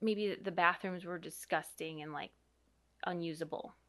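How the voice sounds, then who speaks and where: A woman's voice: lowish voice, fairly even intonation, moderate pace, a bit bright. A woman in her thirties or forties, a mother co-hosting a podcast, chatting in a rambling, easygoing way. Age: 30s to 40s. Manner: chatty and rambling, reads aloud from an article. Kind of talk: casual podcast chat.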